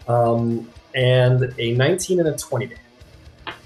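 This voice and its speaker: A man narrating as game master of a tabletop game, chatty and quick to apologize. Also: medium pitch. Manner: lively, chatty, apologetic asides. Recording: faint guitar music behind.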